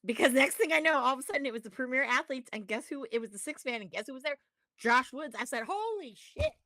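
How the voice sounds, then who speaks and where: A woman co-hosting a podcast, ranting about wrestling in a profane, animated way. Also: high voice, quick pace, dry recording, studio quality. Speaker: podcast co-host. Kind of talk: casual wrestling chat.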